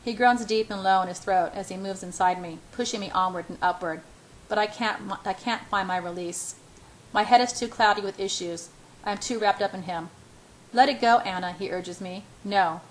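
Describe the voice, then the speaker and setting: A woman narrates a first-person romance novel in a soft, intimate voice. Her pitch sits in the middle range. A faint hiss runs under the recording. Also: moderate pace, low-quality recording. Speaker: audiobook reader.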